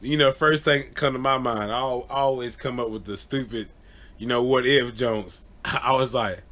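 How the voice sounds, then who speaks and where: A man telling a true story to camera in a casual, animated way, often laughing and acting out the people in it. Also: mid-range voice, moderate pace. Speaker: vlogger.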